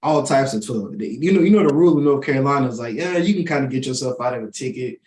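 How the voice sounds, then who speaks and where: A man's voice: mid-range voice, expressive, fast talker, darkish tone, slight background noise. A man co-hosting a podcast, chatting casually and telling stories, often acting out the voices of people he quotes. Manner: storytelling, acts out quoted voices. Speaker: podcast co-host. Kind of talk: casual chat. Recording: roomy echo.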